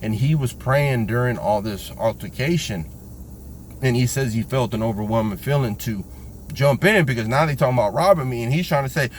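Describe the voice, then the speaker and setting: A man casually telling a personal story, animated and slangy, acting out the voices of the people in it. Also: medium pitch, a little fast, a little hiss or hum.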